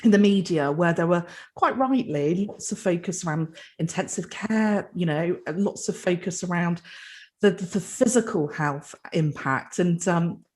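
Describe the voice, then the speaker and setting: Speaking at a normal speed in a fairly low voice, a British woman who heads a health trust responds to a panel question. She is earnest and fluent but frequently starts her sentences over.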